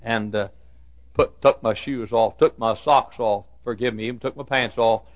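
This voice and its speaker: A man's voice: mid-range voice, steady tone, normal speed, dry recording. A man preaching to school staff in a folksy sermon, telling humorous stories with self-deprecating asides. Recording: dull lo-fi recording.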